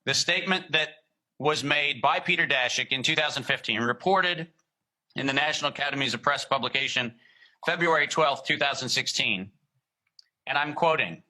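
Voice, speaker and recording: A man gives emphatic, deliberate interview answers in a very bright, ringing voice. He slows down for key points and reads quotations with care. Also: mid-range voice, rough recording. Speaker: guest.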